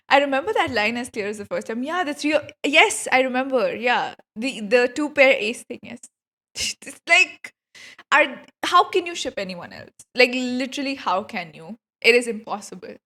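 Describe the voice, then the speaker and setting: A woman streaming a game quest, reacting in an excitable, gushing and giggly way in casual commentary. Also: on the high side, moderate pace.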